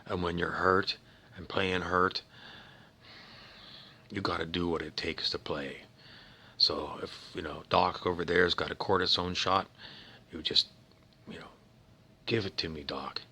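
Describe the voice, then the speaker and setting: A man's voice: low-pitched, steady tone, measured pace, pauses often, pushed and bright, slightly rough, heavily acted. A man acting out an aching, defiant male pro football player who pleads in a strained voice and drops to a whisper.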